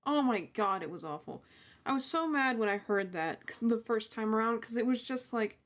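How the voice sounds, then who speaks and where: A young woman chatting casually as she reacts to a true crime video, animated and mocking. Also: fairly high pitch, normal speed. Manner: animated, laughing, mimics people mockingly. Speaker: reaction streamer.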